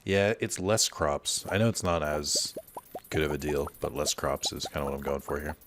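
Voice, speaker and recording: A man's voice: very deep voice, steady tone, moderate pace, background noise. A man giving casual gameplay commentary, rambling through a personal story with lots of fillers. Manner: rambling, filler-heavy, storytelling while playing. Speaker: let's play host.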